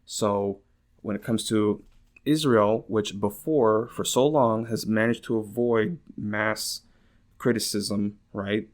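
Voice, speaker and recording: A man's voice: fairly low pitch, fairly even intonation, takes it slowly. A man hosting a casual political podcast, rambling with lots of filler words, swearing and incredulous laughter. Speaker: podcast host.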